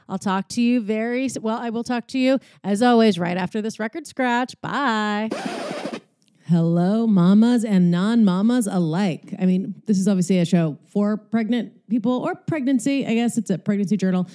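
Recording her podcast from a hotel room, a woman with a dark-toned, medium-pitched voice talks alone in a chatty, self-deprecating way. She swears freely and is a little out of breath.

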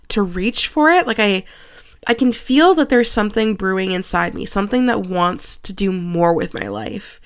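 A woman's voice: mid-range voice, clean tone. Candid, swearing young woman podcast host. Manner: frank and confessional, swears casually, frequent "like" fillers. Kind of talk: candid solo podcast monologue.

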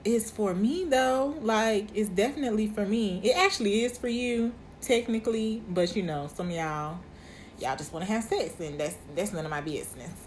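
A woman's voice: mid-range voice, normal speed, slight background noise. A woman in her twenties hosting her podcast, talking candidly and casually to her listeners. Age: 20s. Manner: candid, chatty, uses y'all. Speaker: podcast host. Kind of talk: casual monologue.

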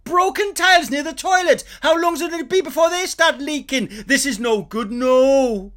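A man impersonating an outraged Welsh male building inspector, shouting high and fast about shoddy work.

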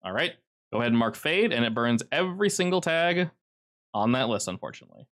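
A man's voice: medium pitch, big pitch swings, a little fast, fairly bright tone. Man narrating a tabletop game. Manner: casual, vivid storytelling with fillers. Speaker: game master.

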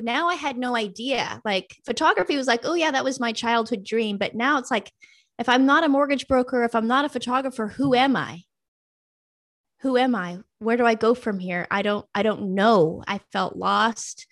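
A middle-aged woman telling her career story in a lively, personal way, acting out her own past thoughts. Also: on the high side, moderate pace.

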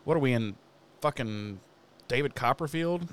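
Smooth and medium-pitched, a man talks at a normal speed while recapping an episode for his podcast. It's casual, profanity-heavy banter, delivered with energy, and he voices the characters' lines.

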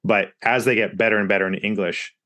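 An American man with a very deep voice hosts a podcast conversation. He talks in a thoughtful, curious way, building on what his guest says. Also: fairly even intonation, quick pace, bright, forceful tone. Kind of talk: podcast interview.

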